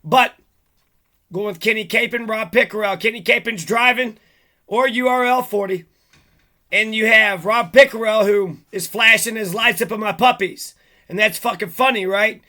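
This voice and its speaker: High-pitched man in a profane rant. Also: normal speed, pushed and bright. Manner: agitated, profane, rambling rant. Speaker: vlogger. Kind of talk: monologue to camera.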